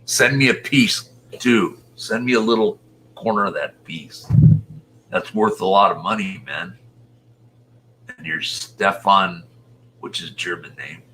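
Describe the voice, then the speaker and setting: A man in his sixties hosts a loose live chat with viewers, rambling from one thought to the next. His voice is very deep yet has a sharp, bright edge, and he talks slowly, often sinking into muttered, half-whispered asides. A faint hum sits under the audio. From Utah, USA. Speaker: show host reading viewer chat. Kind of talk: casual livestream chat.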